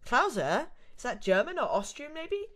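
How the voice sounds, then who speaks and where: A woman's voice: high voice, big pitch swings, normal speed, a bit bright, pitched above the performer's own voice. A British woman voicing a sassy young female college student in her own exasperated voice, reading a visual novel aloud. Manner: exasperated, chatty.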